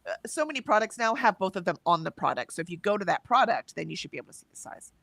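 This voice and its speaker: A woman co-hosting a livestream, chatting casually and reading viewers' messages aloud with lively lifts in her voice. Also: medium pitch, rapid-fire, no echo. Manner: chatty, reads messages with bright lifts, laughs often. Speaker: livestream co-host reading chat.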